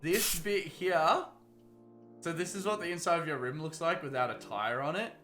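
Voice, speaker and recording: A man's voice: on the high side, moderate pace. A young man chatting casually on a gaming livestream. He rambles, swears freely and reads chat aloud. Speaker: gaming streamer. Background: background music.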